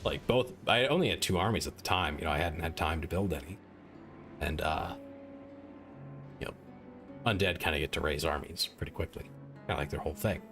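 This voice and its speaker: A man with a very low voice talks loosely over his game, rambling and poking fun at himself as he goes. Faint game music plays quietly under him while he speaks into a desk mic. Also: a little fast, gravelly, long pauses. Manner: rambling and self-mocking, many "like" fillers. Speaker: game streamer. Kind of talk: casual gaming stream chat.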